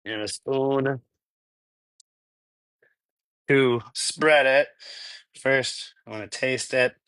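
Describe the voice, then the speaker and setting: A Minnesota man from the US Midwest hosts a casual live cooking stream from his home kitchen, chatting, rambling, laughing often and answering chat. His mid-range voice is a bit bright and smooth, with fairly even intonation and drawn-out words. The audio is dry with no echo but rough in quality.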